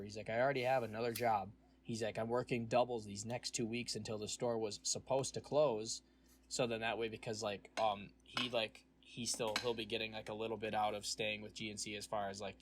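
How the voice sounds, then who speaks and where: A man's voice: fairly low pitch, a little hiss or hum. A young man hosting a casual podcast, telling a long, profane story about his job and acting out what others said. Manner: ranting storytelling, profane, acts out quoted voices. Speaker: podcast host. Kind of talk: casual chat.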